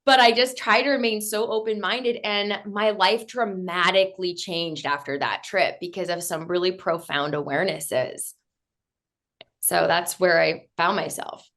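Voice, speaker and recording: A woman in her late thirties, a podcast guest, candidly telling her own story in an animated way and acting out her past thoughts. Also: fairly low pitch, a little slow. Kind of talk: interview storytelling.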